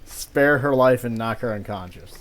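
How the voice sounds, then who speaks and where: A man running a tabletop game as game master, narrating scenes in a relaxed way with frequent pauses and ums. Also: mid-range voice.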